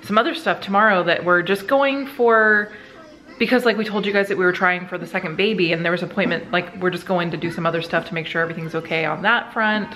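A woman's voice: on the low side, fast talker, pushed and bright, rough recording. A woman in her thirties chatting casually to camera at home as a vlog host, rambling with lots of filler words. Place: family home at dinner time.

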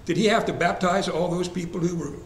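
Pitched high and moving a little quickly, a man guides a church Bible study in a chatty style, asking questions of the group and repeating verse references. The recording has room echo and a faint ambient hiss.

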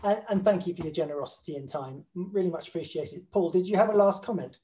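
A man's voice: high voice, fast, warm tone, low-quality recording. A man hosting an online session, wrapping it up with genial thanks. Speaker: session host. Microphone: video call.

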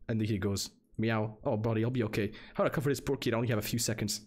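A man streaming games, giving jokey casual commentary and reading game text aloud in an animated way. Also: medium pitch, rapid-fire, hardly any pauses.

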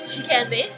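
Girl playing a shy awkward wizard boy, slow and mumbly, high voice. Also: sharp tone, heavily acted, rough recording.

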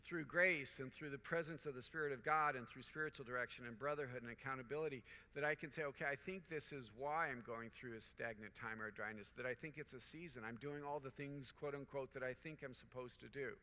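A man's voice: mid-range voice, a little fast, few pauses, pushed and bright, big-room sound. A middle-aged man, a priest, preaching a conference homily to fellow priests in an earnest, repetitive cadence, telling anecdotes. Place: large conference hall.

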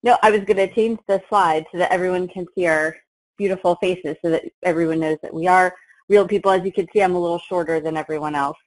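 A woman's voice: on the low side, fairly even intonation, fast, a little mellow, low-quality recording. A woman teacher and author speaking on a webinar, light and joking in tone. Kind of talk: webinar presentation.

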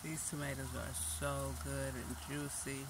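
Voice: mid-range voice, level tone, a little slow. A cooking vlogger chatting casually and playfully at home while cooking, teasing themself along the way. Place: home kitchen. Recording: noisy kitchen with frying sizzle. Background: sizzling pan and stirring.

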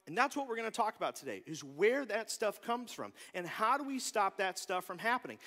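A man preaching in a church sanctuary, lively and joking, now and then acting out the people he talks about. His voice sits high and sounds bright and forceful. The reverb of a big hall trails behind each phrase. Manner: animated, joking, acts out quoted voices. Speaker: pastor. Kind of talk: sermon.

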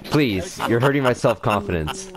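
A man's voice: medium pitch, lively intonation, normal speed. A man gaming online, playing a mock-stern, exasperated teacher and laughing often. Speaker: gaming video host. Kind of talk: playful teacher role-play in online game chat. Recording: busy online voice chat with many players.

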